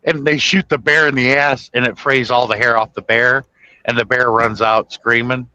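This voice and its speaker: A man's voice: medium pitch, steady tone, moderate pace, bright, forceful tone, no room sound, highs cut off. A man hosting a casual chat, retelling movie scenes in a rambling, self-correcting way. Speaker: host. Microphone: podcast microphone.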